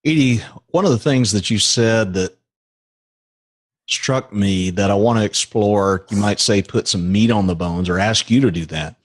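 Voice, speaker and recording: A man's voice: lowish voice, normal speed. Conversational male podcast host. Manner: probing, conversational. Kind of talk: interview questions.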